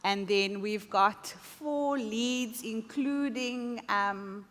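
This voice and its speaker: A woman's voice: fairly high pitch, extremely slow, a bit bright. A woman moderating a conference session, speaking playfully and giving directions to the audience. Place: large conference hall with audience. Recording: reverberant hall, audience faintly heard.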